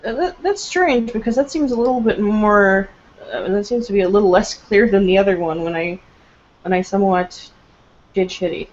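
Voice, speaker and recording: A woman playing a tabletop role-playing game talks nervously, swearing and laughing between rolls during casual play. Her voice is mid-range and a little mellow at a moderate pace, on a dull lo-fi recording.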